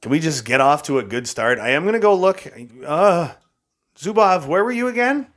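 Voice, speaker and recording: A young man talks through his hockey game in a loose, running commentary, slightly higher-pitched than most men. He grumbles, mocks himself and laughs off his losses as he goes. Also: expressive, moderate pace, a bit bright. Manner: frustrated, exasperated, self-mocking with frequent laughs. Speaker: gaming YouTuber. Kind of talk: casual gameplay commentary.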